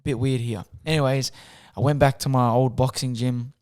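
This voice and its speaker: A soft-spoken young man, telling his story in a casual interview. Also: medium pitch, fairly even intonation, moderate pace, smooth. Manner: soft-spoken, chatty, acts out quotes with slang. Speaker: guest, boxer.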